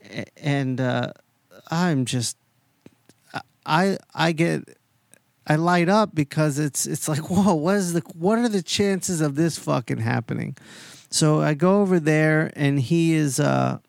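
A man hosting a podcast, telling a long story in a casual, animated way, heavy on swearing and quoted voices. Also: a little high, creaky, clean tone, dry recording, clean studio sound. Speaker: podcast host.

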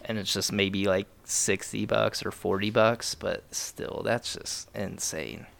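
Gravelly young man in loose podcast chat. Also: on the low side, steady tone, slow pace, fairly bright tone. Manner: loose, joking, trails off and restarts. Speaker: podcast co-host. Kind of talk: casual gaming chat.

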